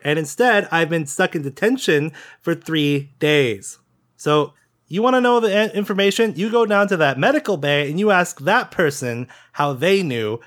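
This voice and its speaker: A man's voice: a little high, bright, forceful tone, pitched above the performer's own voice, exaggerated voice. A man voicing an angry, short-tempered female smuggler pilot who snaps in exasperation. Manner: exasperated, snappish.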